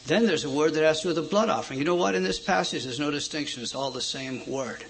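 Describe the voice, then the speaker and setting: Emphatic preacher with a higher voice. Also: male voice, quick pace, creaky, poor audio. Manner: emphatic, asks the audience questions; swings between loud stresses and quiet asides. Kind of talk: sermon.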